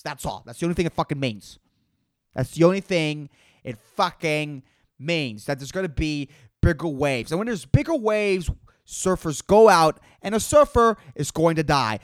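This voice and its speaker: A young man hosts a solo podcast, delivering a comedic rant that's profane, sarcastic and exasperated. His voice sits on the high side, and the studio-quality recording has no echo.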